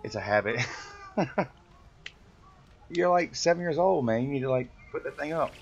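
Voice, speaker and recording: A man's voice: mid-range voice, expressive, normal speed, creaky, lo-fi sound, a little hiss or hum. Swearing laid-back man gaming. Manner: profane, joking, hums along while playing. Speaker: game streamer. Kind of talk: casual gameplay chat.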